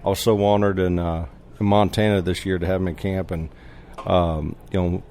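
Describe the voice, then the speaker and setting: A man with a fairly low voice talks casually as a podcast guest. He tells his story with animation and frequent laughter, restarting sentences and voicing the people in it. A faint hiss sits under his voice. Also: flat delivery, normal speed, a little mellow. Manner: acts out quoted dialogue.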